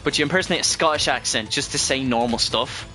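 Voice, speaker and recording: Bright-voiced, rambling male game streamer. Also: medium pitch, fast talker, faint music behind. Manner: rambling, profane, frequent self-corrections. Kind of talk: casual gameplay commentary.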